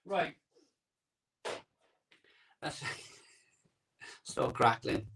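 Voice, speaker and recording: A man's voice: drawn-out words, fairly bright tone, recorded from a distance, rough recording. A man hosting a live stream from his home conservatory, rambling and chatting casually while greeting viewers, recorded on an iPhone. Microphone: iPhone microphone.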